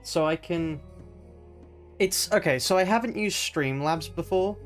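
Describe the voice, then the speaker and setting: An Australian man streaming a game live, rambling and mocking himself as he thinks out loud at a home desk mic. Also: on the high side, unhurried, soft background music. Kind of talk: live let's-play commentary.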